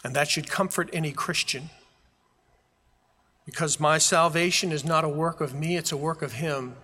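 Bright-voiced male pastor preaching. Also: on the high side, fairly even intonation, normal speed, husky. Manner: preaching with rising fervor, emphatic repetition. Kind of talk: sermon. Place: church sanctuary. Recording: long reverb of a large hall.

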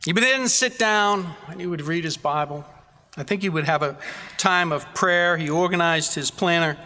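A pastor delivering a sermon in a slightly high, bright and forceful voice. He preaches earnestly, stacking repeated phrases for emphasis. The sound rings with the long reverb of a church sanctuary. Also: normal speed, slight background noise.

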